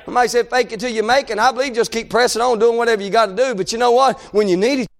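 A man delivers a fervent sermon in a very high voice. He moves between shouted pleading and low, quiet talk. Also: fairly even intonation, very fast. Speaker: preacher.

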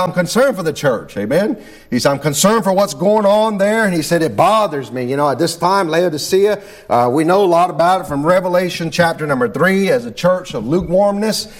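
A man with a high voice delivers a fervent sermon. He leans into his prayers and punctuates nearly every thought with "amen." His delivery rises and falls with the energy of a revival preacher. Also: lively intonation, fairly quick. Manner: fervent preaching with repeated amens. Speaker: pastor.

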